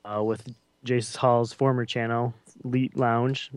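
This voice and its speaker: A man hosts a relaxed gaming podcast, talking loosely and circling back with fillers. His voice sounds smooth and resonant, recorded dry with no room sound around it. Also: medium pitch, measured pace, no echo. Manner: loose, rambling intros with fillers. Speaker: podcast host. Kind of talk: casual podcast chat.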